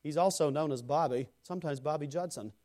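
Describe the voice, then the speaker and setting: A man preaching a sermon to a congregation. He builds to loud emphatic phrases, then drops into quiet, low asides, and addresses listeners by name. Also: brisk. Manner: speaks to congregation members by name. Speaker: pastor.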